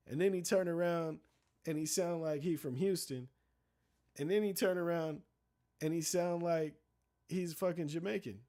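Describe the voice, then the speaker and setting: A man's voice: fairly high pitch, darkish tone. A young man streaming casual, profane commentary, rambling in loose slang with many restarts and asides to his chat.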